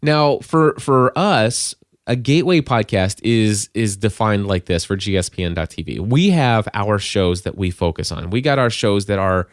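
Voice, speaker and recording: A man's voice: fairly low pitch, lively intonation, moderate pace, no echo, studio quality. A middle-aged man hosting a podcast, giving casual advice in a rambling way, with frequent restarts and bursts of emphasis. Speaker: podcast host and coach.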